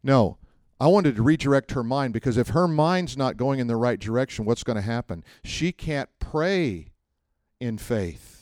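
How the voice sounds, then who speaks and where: A man's voice: medium pitch, normal speed, no echo, clean studio sound. A man teaching a church class in a conversational sermon style, telling stories, acting out quotes and asking the room questions. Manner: animated storytelling, acts out quotes, asks the room questions.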